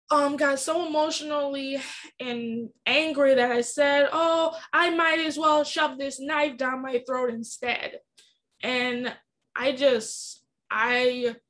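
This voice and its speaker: A woman's voice: sits high, fairly bright tone. A young adult woman hosting a podcast, telling a personal story in an earnest, emotional and candid way. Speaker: podcast host.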